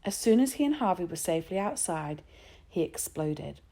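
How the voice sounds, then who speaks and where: A woman narrating a children's novel aloud in an expressive storytelling manner. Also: lowish voice, moderate pace.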